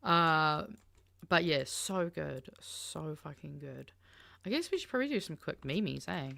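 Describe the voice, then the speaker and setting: A woman co-hosting a casual political chat, animated and sweary. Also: deep voice, vocal fry, dry recording. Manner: animated, sweary, quick laughs. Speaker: co-host.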